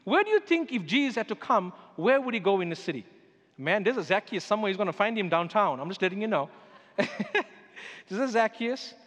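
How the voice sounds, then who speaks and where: A man's voice: high voice, animated, fairly quick, fairly bright tone. A man, a pastor, preaching a sermon with emphatic storytelling. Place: church sanctuary. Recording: echoey church hall with music underneath.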